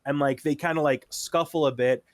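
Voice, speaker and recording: A man's voice: a little high, fairly even intonation, brisk. A man co-hosting a podcast, retelling a show in a rambling casual chat full of fillers and quoted lines. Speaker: podcast co-host.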